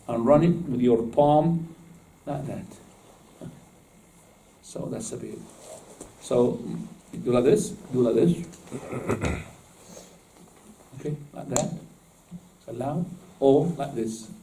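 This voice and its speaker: A man's voice: medium pitch, dark tone, far from the mic, rough recording. A man teaching Islamic law to a class in casual, informal speech, often asking his students questions and laughing at his own jokes. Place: mosque classroom.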